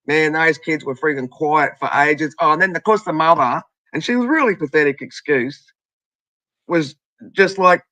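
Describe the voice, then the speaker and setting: A woman's voice: deep voice, moderate pace, bright, forceful tone, dry recording. A woman with an Australian accent, telling stories in casual chat, swearing freely and acting out other people's voices.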